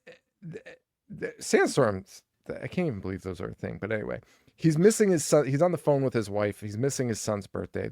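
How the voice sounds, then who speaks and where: Young man, podcast co-host, gravelly, casual and profane, acts out characters, dry close mic. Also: medium pitch, darkish tone, no echo. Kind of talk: casual movie-review chat.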